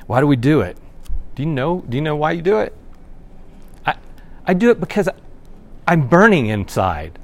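A man's voice: a little high, very animated, moderate pace, long pauses. Conversational male pastor preaching. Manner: conversational, swings from hushed to loud and emphatic. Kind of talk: sermon.

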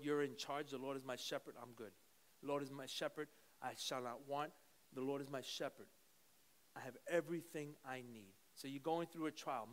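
A man preaching a sermon to a church congregation, moving from quiet teaching into fervent prayer. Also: mid-range voice. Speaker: pastor. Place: church service.

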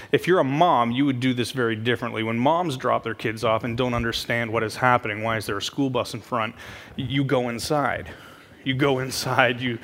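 A man telling a funny story from his own life in a sermon, self-mocking and animated. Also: mid-range voice. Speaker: preacher. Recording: hall reverb with faint background noise.

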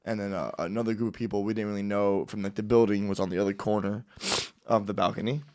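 A man telling a rambling party story in casual chat with friends, restarting his sentences and bursting into shouted quotes. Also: lowish voice, fairly even intonation, quick pace.

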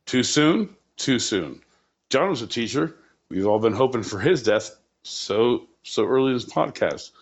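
A man's voice: mid-range voice, animated, moderate pace, creaky, lo-fi sound. A man co-hosting a podcast, joking around in a crude, profane, rambling way. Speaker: podcast co-host. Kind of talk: casual comedic chat.

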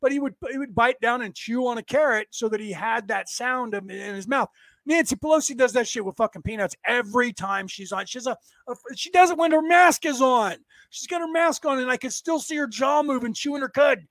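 A man's voice: extremely high pitch, a little fast, fairly bright tone, no echo. A man hosting a rambling, profane comedic rant from his desk. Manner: profane, rambling, laughing at his own jokes. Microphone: desk setup.

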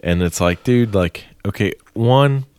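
A man's voice: lowish voice, measured pace, smooth, no room sound. A young man telling crude stories in casual chat, acting out the people he quotes. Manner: crude, animated storytelling with acted-out quotes.

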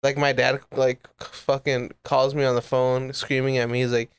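A man's voice: medium pitch, level tone, moderate pace, clean tone, no echo. A young man swearing freely and telling loose stories in a casual chat with a friend. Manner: loose storytelling, heavy swearing.

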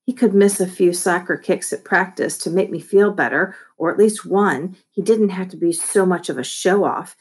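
A woman reading a children's novel aloud with lively, expressive storytelling. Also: on the low side, moderate pace, few pauses, husky. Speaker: audiobook reader.

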